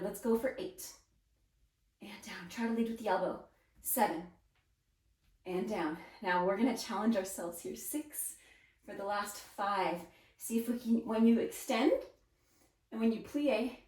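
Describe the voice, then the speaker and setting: A woman's voice: medium pitch, darkish tone. A woman leading a follow-along ballet arm workout, counting beats and cueing moves in an encouraging, upbeat way. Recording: roomy sound, mic set at a distance.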